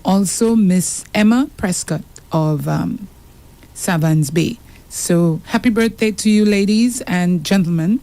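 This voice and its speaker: A woman's voice: on the low side, slow pace, warm tone. A woman with a Saint Lucian accent co-hosting a radio show, reading out listener messages with frequent laughter. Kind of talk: casual radio chat.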